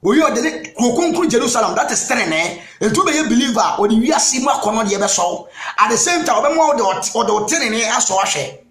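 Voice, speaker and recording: Ghanaian evangelist, very high voice, preaching with bursts of shouting; roomy echo. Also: male voice, lively intonation, moderate pace, few pauses. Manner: emphatic, punctuates with "Amen", bursts into shouts. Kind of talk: sermon mixing Twi and English.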